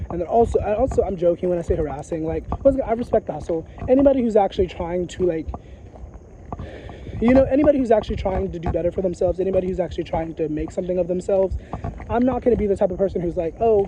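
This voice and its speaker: A high-pitched man with a very dark, mellow timbre vents in a loose, rambling monologue. He swears freely and circles back to his points over and over. The recording sounds dull and lo-fi, with faint noise behind him. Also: quick pace. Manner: profane, repetitive, emphatic, frequent filler phrases. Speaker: psychic vlogger. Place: outdoors in a graveyard.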